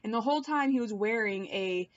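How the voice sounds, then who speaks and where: A woman's voice: a little high, brisk. A woman in a casual, rambling chat to her viewers, filmed on a laptop mic at home, swearing and laughing often. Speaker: vlogger. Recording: dull lo-fi laptop audio.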